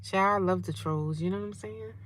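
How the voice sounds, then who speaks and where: A woman's voice: mid-range voice, brisk, a little hiss or hum. A woman chatting casually and playfully with her livestream viewers, calling them girl and sis. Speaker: vlogger. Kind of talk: casual livestream chat with commenters. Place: homeless shelter.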